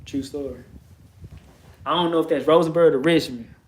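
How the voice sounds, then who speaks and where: A slightly high-pitched man, spinning a story from his neighborhood. He talks casually and profanely and punches key points with emphasis. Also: moderate pace, darkish tone. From Texas, USA. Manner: emphatic, profane, streetwise retelling with rising bursts of emphasis. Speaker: vlogger.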